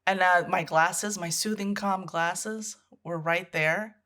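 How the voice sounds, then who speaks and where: A woman's voice: lowish voice, steady tone, slow pace, pushed and bright. A Canadian woman co-hosting a podcast, telling a story in casual chat, laughing often and swearing freely. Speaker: podcast co-host.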